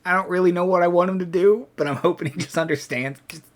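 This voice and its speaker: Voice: mid-range voice, fast. A player in a tabletop role-playing game, thinking aloud hesitantly with many restarts. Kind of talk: casual tabletop game chat.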